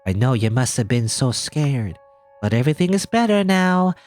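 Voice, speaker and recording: A man's voice: medium pitch, big pitch swings, normal speed, a little mellow, faint music behind, lightly acted. A man voicing a monster that mimics a mother, coaxing a child to open the door in a falsely sweet, raised voice. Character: basement monster faking a mother's voice.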